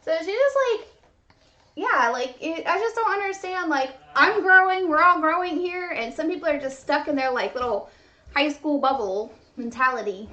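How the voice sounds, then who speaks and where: A woman's voice: high-pitched, normal speed, pushed and bright. A young woman hosting a podcast, ranting in casual chat, frustrated and swearing freely with lots of "like". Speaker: podcast host. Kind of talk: casual venting monologue.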